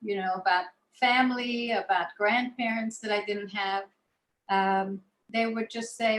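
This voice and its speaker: Woman born in Israel, guest speaker, relaxed anecdotal storytelling, roomy echo. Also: medium pitch, normal speed. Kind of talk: personal storytelling talk.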